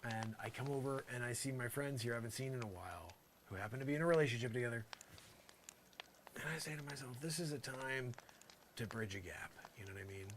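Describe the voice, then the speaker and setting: A man with a medium-pitched voice speaks quickly in an improvised comedy monologue, with a slight hiss or hum on the audio. Pretending to be at an outdoor campsite, he rambles sarcastically and exasperatedly, full of filler phrases.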